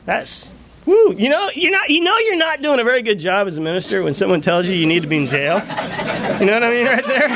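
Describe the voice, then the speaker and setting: A male pastor preaching a sermon, telling personal stories in an animated way and laughing often. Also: high-pitched, a little fast, a faint crowd, slight background noise. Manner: animated storytelling with frequent laughter.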